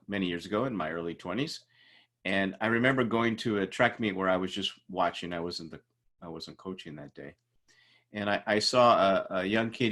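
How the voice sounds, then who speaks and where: Man lecturing with lively storytelling. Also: deep voice. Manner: animated storytelling, acts out quoted people. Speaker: instructor. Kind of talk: informal lecture with anecdotes.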